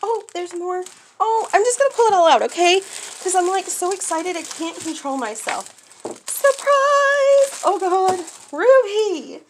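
A young woman chatting casually while unboxing mail, gushing with excitement and gasping at each find. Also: very high voice, moderate pace, a little hiss or hum. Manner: gushing, excitable, squeals and gasps. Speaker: toy collector vlogger.

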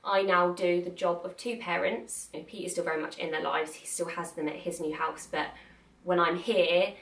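A woman's voice: fairly low pitch, steady tone, moderate pace, fairly bright tone, far from the mic. A young woman talking candidly to camera in a chatty, earnest way, laughing often. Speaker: vlogger. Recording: echoey room, mic set back.

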